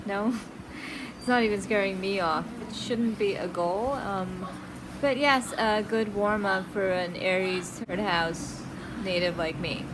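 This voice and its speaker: A woman making a casual spoken aside in a slow, musing, self-amused way. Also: mid-range voice, steady tone. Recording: noisy ambience.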